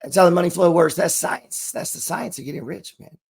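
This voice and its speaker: Profane high-voiced man giving a pep talk. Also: quick pace, creaky, darkish tone, breathy edge. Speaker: trading coach and channel host. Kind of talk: motivational monologue to camera.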